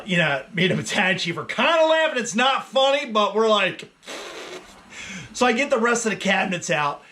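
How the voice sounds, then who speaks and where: A man in his forties chats through a casual vlog story, laid-back and quick to laugh. His voice sits high for a man and sounds bright and forward. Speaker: vlogger, firefighter.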